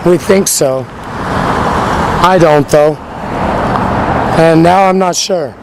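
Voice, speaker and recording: A man's voice: on the high side, slow pace. A man hosting a street radio show, talking in a rambling, repetitive, emphatic monologue outdoors by a busy road. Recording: outdoor recording with loud traffic noise.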